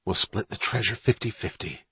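A man's voice: medium pitch, measured pace, fairly bright tone, breathy edge, no room sound. A man reading an audiobook, voicing an eager, bossy young boy who gives orders and scoffs at his brother's fears. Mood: serious. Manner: eager, commanding, scornful.

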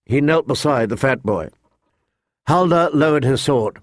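A man narrating a fantasy novel in a measured storytelling manner, voicing the characters. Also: medium pitch, animated, no room sound, studio quality. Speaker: audiobook narrator. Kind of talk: scripted narration.

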